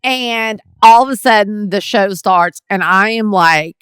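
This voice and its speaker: A middle-aged woman co-hosting a podcast, telling a story in an animated way and laughing often. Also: medium pitch, measured pace, clear, resonant tone, no room sound, clean studio sound. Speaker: podcast co-host. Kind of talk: casual chat.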